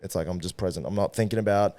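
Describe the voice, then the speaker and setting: Aussie guy on a podcast, lowish voice, talks loose and lively, swears a lot. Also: racing. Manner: animated, swears freely, acts out quoted voices. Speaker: podcast guest, event organizer and rapper. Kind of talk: casual conversational interview.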